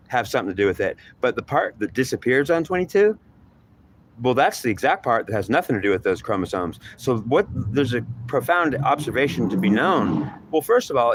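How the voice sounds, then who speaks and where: A man's voice: medium pitch, fairly bright tone, slight background noise. A man talking in a rambling monologue, repeating himself and acting out imagined back-and-forth dialogue.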